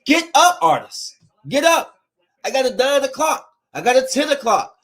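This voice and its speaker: Heated, high-voiced man ranting on a podcast. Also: very animated, moderate pace, fairly bright tone. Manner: heated, preachy, scolding the listener. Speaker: podcast host. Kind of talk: opinionated casual podcast rant.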